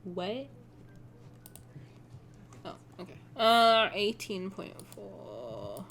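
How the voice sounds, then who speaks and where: A woman streamer chatting casually and excitably while reacting to a game, often swearing and gushing. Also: medium pitch, drawn-out words, a little hiss or hum. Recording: faint game music underneath. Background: game music.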